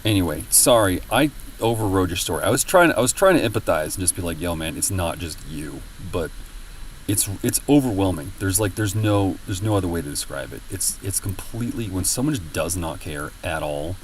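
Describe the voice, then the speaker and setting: A man's voice: low voice, animated, fairly quick, far from the mic, a little hiss or hum, low-quality recording. A man streaming and chatting casually with viewers, rambling with many fillers and a lot of swearing. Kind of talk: casual chat with viewers while gaming.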